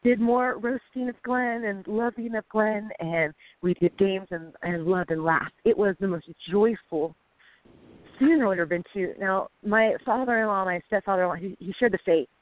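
A woman co-hosting a casual faith podcast, talking excitedly and urging listeners on. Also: mid-range voice, moderate pace. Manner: excitable, emphatic, exhorting listeners. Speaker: co-host. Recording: tinny phone-like sound.

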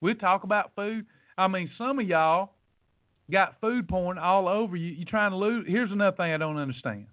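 A man's voice: high-pitched, normal speed, no echo. A man hosting a podcast in a casual, playful motivational monologue, folksy and teasing. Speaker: podcast host. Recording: dry, tinny phone-like sound.

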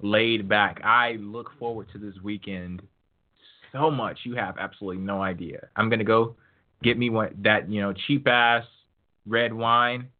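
A man hosting a casual wrestling podcast, talking in a relaxed, laid-back way. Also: lowish voice, unhurried. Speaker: podcast host. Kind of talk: casual chat. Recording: phone-like lo-fi line.

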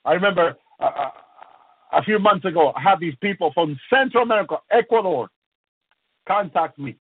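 A man's voice: high-pitched, lively intonation, breathy edge. Fervent male preacher on a tinny line. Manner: fervent, repeats prayerful refrains, halting restarts. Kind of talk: impassioned sermon. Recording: tinny phone-like line, dry.

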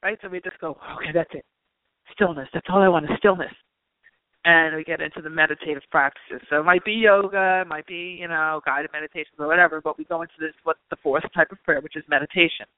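A spiritual reader hosts his talk show, chatting casually and sprinkling in plenty of "you know" and "like." His voice sits a little high, with a steady tone and a quick pace with few pauses. The audio is tinny, like a phone line, and dry with no room sound.

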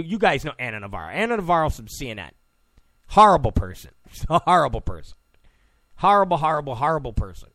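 A man's voice: mid-range voice, a bit bright, no room sound. A young adult man hosting his own talk show, rambling casually with lots of fillers and sarcastic asides. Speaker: show host.

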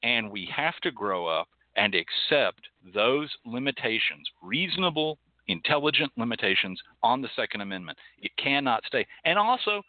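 A man's voice: mid-range voice, very animated, normal speed, few pauses, no room sound. A man from Texas hosting a call-in radio show, speaking bluntly and passionately with profanity and a preacherly cadence. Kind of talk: impassioned call-in talk show. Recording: tinny phone-like audio.

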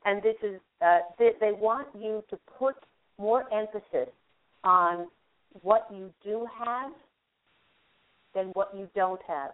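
A woman radio host giving a call-in angel card reading, gently guiding the caller through a visualization. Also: medium pitch, slow pace, pauses often. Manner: soothing, guiding, talks listener through a visualization. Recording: narrow phone-line sound.

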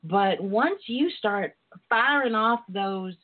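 A woman's voice: medium pitch, lively intonation, slow pace. A woman guest on an interview show, talking in an earnest, emotional way and calling her listeners darlings. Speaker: guest author and sex educator. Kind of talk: casual call-in interview talk. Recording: tinny phone line.

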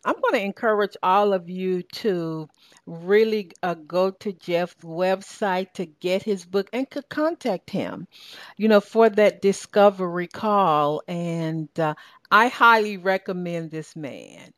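A woman host with a fairly low voice interviews her guest on a faith-based show. She affirms him often and murmurs along while he talks, and the sound is dry and close with no room echo. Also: slow pace. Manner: affirming, frequent listening murmurs. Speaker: podcast host.

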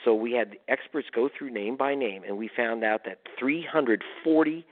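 Male guest author, emphatic and punchy, mid pitch, tinny phone-line sound. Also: normal speed. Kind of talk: radio interview, storytelling.

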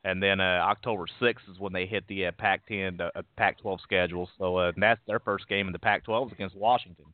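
A man hosting sports talk, with a lowish voice and a stumbling, restarting way of getting his points out. The sound is thin and phone-like, dry and close. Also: fairly even intonation, a little fast, few pauses, no room sound. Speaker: sports talk show host. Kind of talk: casual sports radio talk.

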